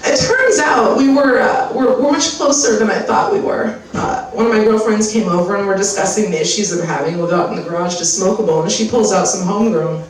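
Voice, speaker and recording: A woman doing a crude, animated stand-up comedy set, acting out voices in her stories. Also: medium pitch, brisk, hardly any pauses, recorded from a distance. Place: live comedy club. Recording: echoey room, mic heard from afar.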